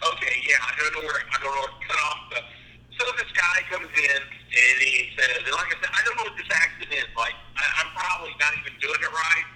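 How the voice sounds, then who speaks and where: A man telling a lively workplace story as a caller on a talk show, heard over a phone line. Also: on the high side, brisk. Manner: animated, laughing anecdote teller. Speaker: phone-in guest. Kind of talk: casual storytelling on a call-in show.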